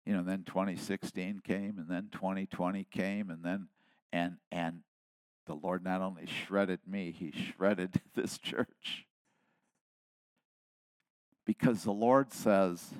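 A man in his seventies delivers a sermon in a low voice at an unhurried pace. He drops to near-whispered asides, then rises to loud, emphatic declarations. The sound is dry and close. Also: steady tone, clear, resonant tone, no echo. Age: 70s. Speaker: pastor.

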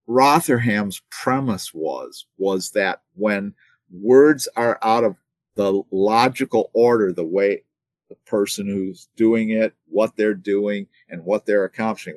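At home on a livestream, a man teaches the Bible casually, rambling and restarting, repeating words as he thinks, and becoming emphatic on key points. His delivery is digressive and halting, his voice lowish, with no room sound.

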